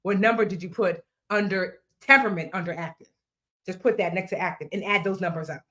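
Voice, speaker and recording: A woman's voice: lowish voice, brisk. A woman in her thirties hosting a live online money class, playful and chatty, talking straight to her viewers with slang and asides. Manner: lively, playful, talks straight to viewers, drops into slang and snatches of song. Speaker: financial educator hosting a live workshop.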